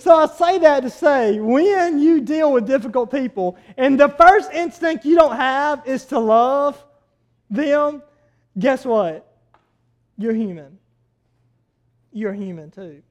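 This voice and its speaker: A man with a strikingly high voice delivers a sermon through a story. He is animated, rising into loud bursts and then dropping to quiet asides. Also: slow, long pauses. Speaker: pastor.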